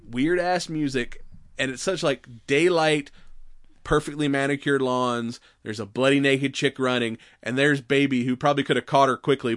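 A man co-hosting a podcast, retelling movie scenes in a casual, animated way and laughing often. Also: mid-range voice, dry recording, clean studio sound. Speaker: podcast co-host. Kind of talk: casual movie recap chat.

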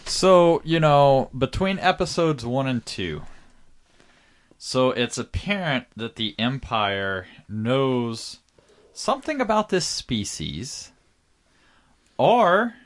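Male co-host, wry and casual, with a lively, varied pitch. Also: takes it slowly, pauses often. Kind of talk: casual chat.

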